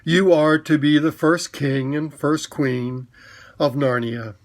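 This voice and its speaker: A man's voice: a little high, steady tone, slow pace. A man voicing a great noble male lion king in a storybook reading, speaking in a solemn, commanding and formal way.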